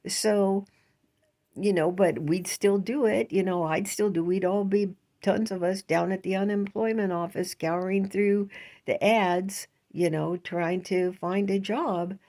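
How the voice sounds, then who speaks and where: A woman's voice: medium pitch, steady tone, measured pace, dark tone. An older woman vlogging in a casual, rambling monologue, indignant and chatty, with frequent laughs.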